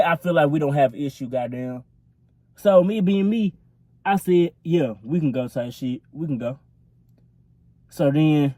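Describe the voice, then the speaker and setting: High-voiced young man telling a story. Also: darkish tone, no room sound. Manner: rambling, heavy profanity, filler-laden. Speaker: vlogger. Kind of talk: casual storytime. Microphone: phone.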